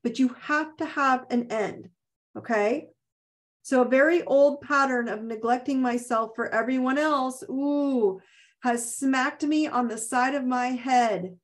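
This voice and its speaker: Woman host, slightly high pitch, coaching a video-call group with blunt, emphatic, repetitive delivery. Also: a little slow. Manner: emphatic, repeats phrases, blunt and casual. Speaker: host of an online self-help group. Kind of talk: live motivational coaching talk.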